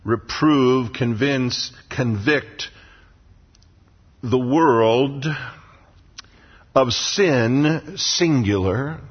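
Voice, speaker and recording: A man's voice: medium pitch, drawn-out words, long pauses, breathy edge. A man preaching a sermon as pastor in a church sanctuary, with emphatic repetition. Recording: lo-fi sound with long hall reverb.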